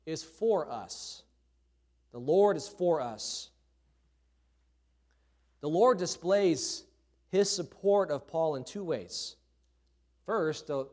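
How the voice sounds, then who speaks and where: A male pastor delivers a sermon from a church pulpit, with a voice a little higher than most men's. He talks in a conversational way and repeats his key lines for emphasis. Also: darkish tone.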